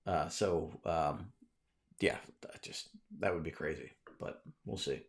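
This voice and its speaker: A man's voice: a bass voice, slow. A man, hosting a casual live stream from a cluttered home room, rambling with many restarts while he answers viewer comments.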